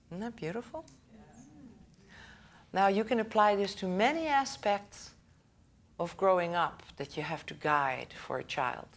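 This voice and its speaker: A woman school director giving a lecture to parents in a conversational way, checking in with the audience, laughing often and acting out the people in her stories. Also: lowish voice.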